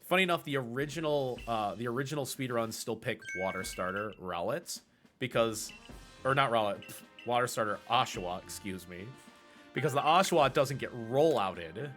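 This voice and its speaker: A man with a Pacific Northwest accent streaming a speedrun, chatting casually and correcting himself as he explains. His voice is bright and swings widely in pitch. Faint game music plays in the background. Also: lively intonation, normal speed. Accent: American, Pacific Northwest. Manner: chatty, explains at length with fillers and self-corrections. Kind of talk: casual live-stream commentary while gaming.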